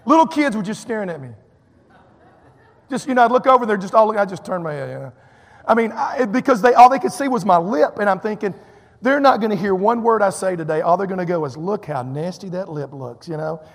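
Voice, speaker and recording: Preacher guy from texas, high gravelly voice, tells stories in his sermon, church reverb. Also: fast. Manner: animated, acts out quotes, drawling fillers. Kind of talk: storytelling sermon.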